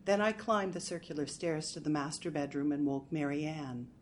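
A woman reads a first-person mystery aloud with a wry, dry tone. Her voice sits a little low for a woman. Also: moderate pace, slight background noise. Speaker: narrator. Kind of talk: storytelling narration.

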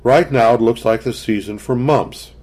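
A man voicing a loud, cheerful young woman schoolteacher, speaking in a brisk, jovial way well above his own pitch. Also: close to an everyday voice.

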